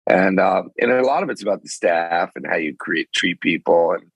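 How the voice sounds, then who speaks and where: A middle-aged man talks shop about running concert venues, rambling and animated in quick bursts. His voice sits low with a husky edge, and the recording is dry and close. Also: dry recording, rough recording. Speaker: venue owner and concert promoter. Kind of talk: casual chat. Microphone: phone call.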